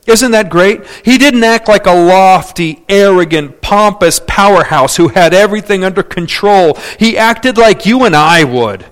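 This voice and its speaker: A man preaching a sermon in a somewhat high voice. He is emphatic, booming out his praise, then dropping to quiet, confiding asides as he tells his stories. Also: animated, measured pace, few pauses. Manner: emphatic, swings between loud declarations and hushed asides.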